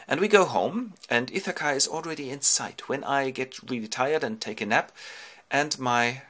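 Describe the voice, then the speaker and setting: A man's voice: medium pitch, moderate pace, a bit bright. A man from Germany giving a playful, colloquial comic retelling of a classic epic in the first person. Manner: playful, colloquial, jumps into character voices.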